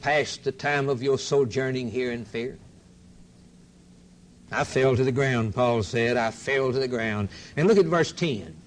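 A man delivers an impassioned sermon in a mid-pitched voice. He builds in rhythmic, repeating waves, then drops to a low murmur when quoting scripture. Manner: fervent, rhythmic preaching with sharp swings in volume. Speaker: preacher.

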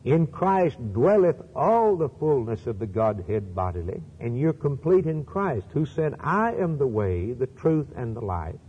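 A man's voice: medium pitch, sing-song, a little slow, hardly any pauses, breathy edge. Guy preaching a telecast sermon, repeats lines for punch, echoey lo-fi sound. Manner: emphatic, repeating phrases for stress, quoting scripture. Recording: lo-fi broadcast with long reverb.

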